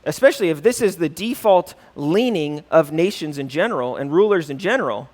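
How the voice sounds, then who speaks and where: High-voiced pastor teaching a church class. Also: male voice, expressive, brisk, darkish tone. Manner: conversational, keeps asking "right?"; reads scripture aloud with rising emphasis.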